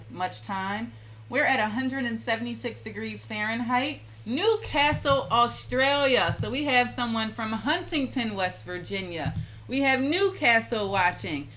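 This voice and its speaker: A woman's voice: medium pitch, a bit bright. A woman from Philadelphia hosting a casual live-stream lotion-making demonstration, chatting and greeting viewers by name. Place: home kitchen.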